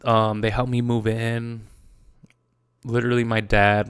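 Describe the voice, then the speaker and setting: A man in his twenties with an American accent hosts a casual solo podcast, swearing a lot and often saying "dude," at times turning tearful and emotional. His medium-pitched voice is flat and a little slow, with a clean tone and clean studio sound without room noise.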